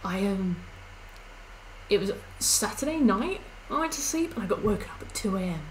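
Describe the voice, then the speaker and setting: A woman's voice: medium pitch, expressive, moderate pace, a little hiss or hum, low-quality recording. A young woman chatting casually on a live stream while she plays, rambling through stories with lots of fillers.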